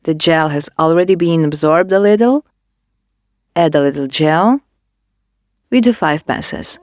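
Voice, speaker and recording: A woman demonstrating a facial care technique, giving calm step-by-step instructions. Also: sits low, measured pace, no echo, clean studio sound. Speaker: beauty device instructor.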